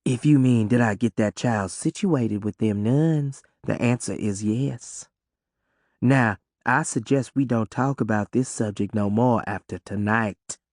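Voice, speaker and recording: A man voicing a gruff, secretive woman who speaks in a slow, low, clipped dialect. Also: darkish tone, no room sound, studio quality, close to an everyday voice. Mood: stern. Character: gruff, hard-drinking Southern woman, stern and secretive.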